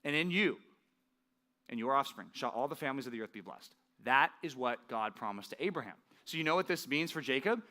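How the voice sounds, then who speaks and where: Bright-voiced man preaching a casual sermon. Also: medium pitch, expressive, a little fast. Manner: conversational, keeps asking "right?"; acts out scripture quotes with rising emphasis. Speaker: pastor.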